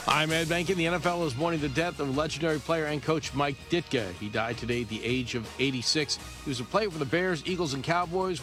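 A male anchor reading a sports news update in a brisk, crisp newsreading manner. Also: fairly high pitch.

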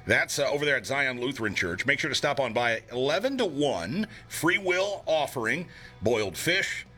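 Bright, lively young man hosting radio. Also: medium pitch, moderate pace, faint music behind. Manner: joking, laughs at his own puns. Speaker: radio morning show host. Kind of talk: casual radio chat.

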